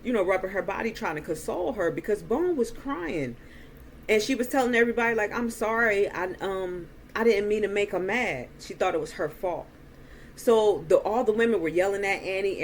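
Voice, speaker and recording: A woman slowly retelling a movie's plot in a chatty way, acting out the characters' lines. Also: medium pitch, slight background noise. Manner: slow, chatty retelling with quoted dialogue. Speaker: movie reviewer. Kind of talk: casual movie recap.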